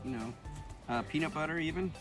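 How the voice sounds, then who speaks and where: A man's voice: a little high, brisk, music in the background. Joking laid-back campground host man. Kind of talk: outdoor cooking demonstration. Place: outdoor campground by a fire pit.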